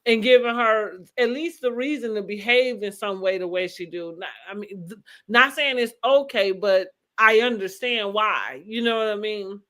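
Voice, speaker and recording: A woman's voice: medium pitch, moderate pace, a bit bright. A woman co-hosting a casual reality-TV recap podcast, talking through the drama with rhetorical questions and easy laughs. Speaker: podcast co-host.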